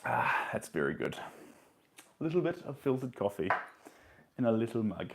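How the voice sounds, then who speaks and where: A man's voice: mid-range voice, big pitch swings, normal speed, vocal fry. A man, chatting casually to his live stream viewers while he paints, muttering to himself between remarks.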